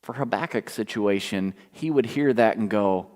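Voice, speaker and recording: A middle-aged man delivering a sermon as pastor, animated and swinging from quiet asides to near-shouting. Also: fairly low pitch, moderate pace. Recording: long reverb.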